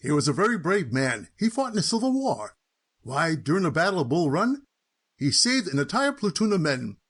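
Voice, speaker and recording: A man's voice: fairly high pitch, very animated, normal speed, a bit bright, slightly rough, exaggerated voice. A man voicing a stuffy, pompous male lawyer who reads a will in a formal, mock-polite way. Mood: solemn. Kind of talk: cartoon voice acting.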